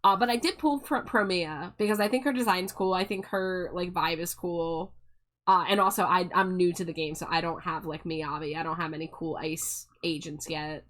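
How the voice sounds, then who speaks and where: A woman's voice: on the low side, fairly even intonation, normal speed, a bit bright. Giggly, chatty young woman streamer. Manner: chatty, giggly, restarts phrases often. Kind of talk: casual live-stream chat.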